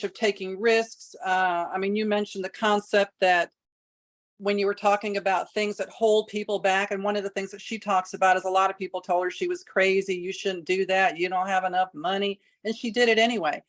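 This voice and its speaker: A woman's voice: mid-range voice, steady tone, a little fast. A woman interviewing a guest, asking long, earnest, probing questions. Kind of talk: podcast interview.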